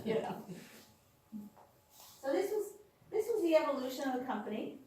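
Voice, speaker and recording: Speaking at a normal speed with frequent pauses, this high-voiced woman shares her own experiences with a small group. She performs the quoted voices of others with lively storytelling energy, heard distantly in a room full of echo.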